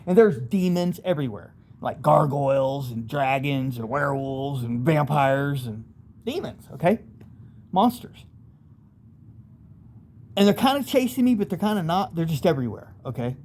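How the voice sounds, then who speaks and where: A man's voice: fairly high pitch, animated, normal speed, darkish tone. A man casually telling a rambling, vivid first-person story, acting out voices in sudden bursts.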